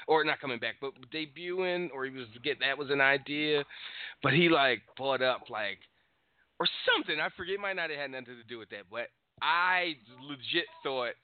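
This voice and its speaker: A man co-hosts a casual call-in show, ranting with profanity and bursts of laughter. His pitch leaps around as he talks. The sound is tinny and narrow like a phone line, and dry with no room echo. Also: smooth. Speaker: podcast co-host.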